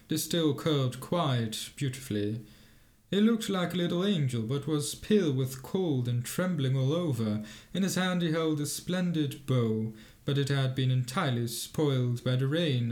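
A man narrating a fairy tale in a measured, expressive storybook reading. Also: medium pitch.

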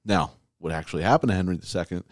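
A man with a very deep voice hosts a casual podcast, reading old prophecies aloud and breaking them down. He keeps it loose and joking, full of fillers and restarts. The sound is dry and close. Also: very fast, no echo. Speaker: podcast host.

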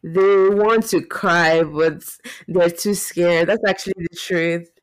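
A woman hosting a podcast in casual chat, relaxed and giggly as she asks questions. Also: lowish voice, slow, clean tone. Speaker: podcast host.

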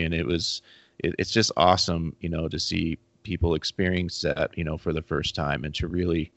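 A man's voice: low voice, a little fast, fairly bright tone, no room sound, highs cut off. A man co-hosting a casual fishing chat, rambling with many restarts and fillers. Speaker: fly fishing podcast co-host.

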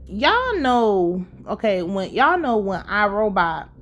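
A woman casually recapping a TV episode, animated and profane, laughing as she tells it. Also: medium pitch, slow, soft background music. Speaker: show recap vlogger.

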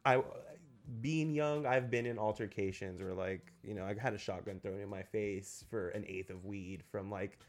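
A man's voice: fairly low pitch, normal speed. A young man from Los Angeles chatting casually, telling rambling, profane stories full of "like". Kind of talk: casual chat.

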